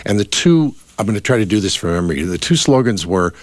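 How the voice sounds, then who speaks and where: A man's voice: lowish voice, animated, quick pace, dry recording. A middle-aged man hosting a casual radio chat, rambling with many fillers and restarts. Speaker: radio host.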